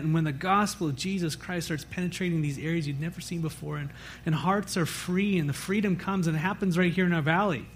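A man with a high-pitched voice delivers a church sermon as its pastor. He preaches conversationally, wandering with fillers and quick self-corrections. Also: a little hiss or hum.

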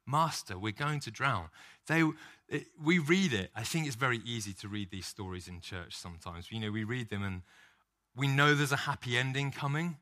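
A man delivers a sermon in an earnest, heartfelt way, pressing his points with rising fervor. His voice has a bright, forward ring at an ordinary middle pitch. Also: lively intonation, fairly quick. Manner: earnest, builds to impassioned emphasis. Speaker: pastor.

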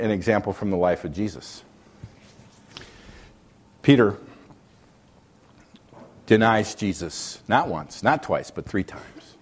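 A man preaching a sermon, reading scripture and driving his points home. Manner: preaching with wide swings in pitch and loudness, reading scripture aloud. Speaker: pastor.

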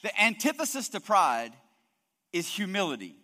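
His high, very animated voice is bright and forceful, moving at normal speed as a long hall reverb trails behind it. The male pastor drives his sermon home emphatically, repeating words again and again as his points take shape.

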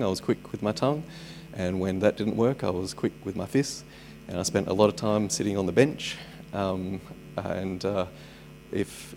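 A man's voice: lowish voice, creaky, a little mellow, a little hiss or hum. A man preaching a sermon at a church service, conversational and dropping joking asides. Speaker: pastor.

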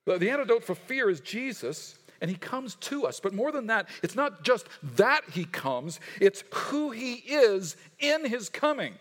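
Animated man preaching in a reverberant hall. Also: extremely high pitch, a little slow, hardly any pauses. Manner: animated, stammering restarts, acts out quoted voices. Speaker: pastor. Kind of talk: sermon.

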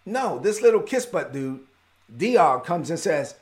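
Animated gravelly-voiced male preacher. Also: a little high, a little slow. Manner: animated storytelling, acts out the characters. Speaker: pastor. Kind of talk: sermon.

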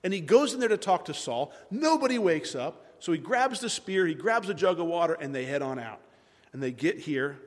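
A male preacher giving a sermon, retelling scripture with animated exhortation. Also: a little high, moderate pace. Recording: long hall reverb.

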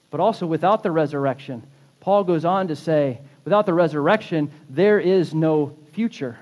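High-voiced man preaching with fervor. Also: darkish tone. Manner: impassioned preaching, rising and falling emphasis. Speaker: pastor. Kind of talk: sermon. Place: church sanctuary.

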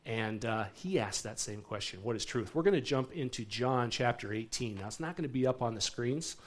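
A male pastor delivers a sermon in a church hall in a relaxed, conversational way. He speaks at an ordinary pitch. He often turns to his listeners with quick questions. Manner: conversational, asks the congregation "right?" often.

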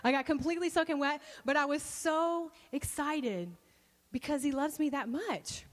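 High-voiced woman preaching in a reverberant hall. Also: normal speed. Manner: animated, expressive storytelling with bursts of excitement. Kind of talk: sermon storytelling.

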